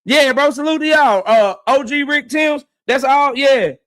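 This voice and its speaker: With a very high, fairly bright voice and a slightly slow pace, this man runs a boxing live stream. He reads chat aloud and riffs loosely, trash-talking with lots of profanity and slang.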